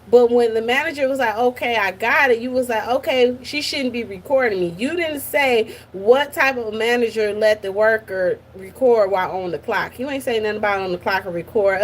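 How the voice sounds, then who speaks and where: A woman's voice: a little high, slight background noise. Chatty, opinionated woman reaction host. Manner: chatty, opinionated, addresses viewers as y'all. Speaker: commentary channel host. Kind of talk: casual reaction commentary.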